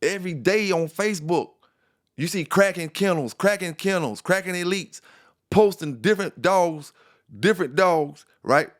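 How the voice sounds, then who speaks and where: A man's voice: high-pitched, normal speed. A man hosting a dog news channel, delivering a confrontational, repetitive rant at rivals. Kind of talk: casual ranting monologue.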